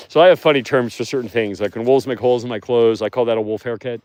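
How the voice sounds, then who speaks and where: A man's voice: mid-range voice, a little fast, darkish tone, no room sound. Chatty man livestreaming outdoors. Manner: rambling and chatty, with easy laughter. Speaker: wolf sanctuary host. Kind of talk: casual livestream chat. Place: outdoors by wolf enclosures.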